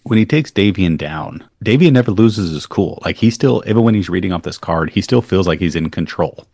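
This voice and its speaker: A man's voice: low-pitched, lively intonation, brisk, creaky, a little mellow, no echo. A man co-hosting a casual movie commentary podcast, rambling and restarting mid-sentence, swearing casually. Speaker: podcast co-host.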